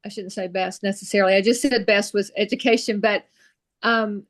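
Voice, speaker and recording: A woman's voice: mid-range voice, steady tone, a little fast. Woman chiming in on a team video call. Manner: eager, restarts and self-corrects often. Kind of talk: casual chat on a group video call.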